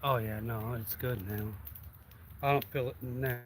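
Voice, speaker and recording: A man casually chatting on a live stream outdoors beside a campfire, relaxed and rambling, a little out of breath. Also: mid-range voice, a little slow, noisy background. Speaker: outdoor vlogger. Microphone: camera about seven feet away.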